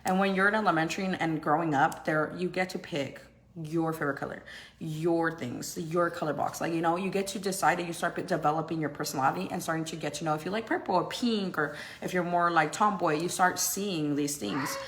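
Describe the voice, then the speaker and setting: A woman's voice: brisk, fairly bright tone, poor audio. A woman chatting on a casual live stream from her home at breakfast, talking about her life and often laughing. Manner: chatty, laughs often, high baby talk to her kids. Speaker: vlogger and mother.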